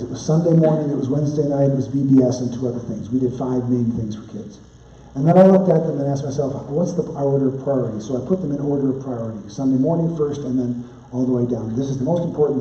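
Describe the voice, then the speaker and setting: A man speaking as a pastor, giving a conference teaching talk and telling stories with lively asides. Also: medium pitch, roomy sound, distant mic, muffled recording. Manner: animated storytelling with asides.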